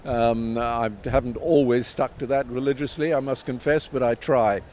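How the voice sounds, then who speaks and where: A man in his seventies talks at a measured pace with plenty of ums and restarts. He sounds like a veteran commentator telling stories in an interview. His voice sits in a middle pitch, with faint noise behind it. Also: fairly even intonation, darkish tone. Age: 70s. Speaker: tennis commentator and author, guest. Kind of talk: reflective interview answers.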